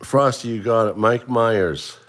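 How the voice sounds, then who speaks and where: A man's voice: medium pitch, measured pace. A middle-aged man hosting a casual livestream, chatting and running a trivia quiz for viewers he addresses by name. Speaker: livestream host.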